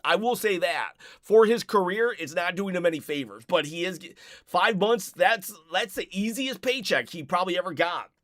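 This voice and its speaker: A man's voice: sits high, expressive, normal speed, a bit bright, no room sound, studio quality. A man hosting a casual live stream, rambling and reading viewer comments aloud, a bit out of breath.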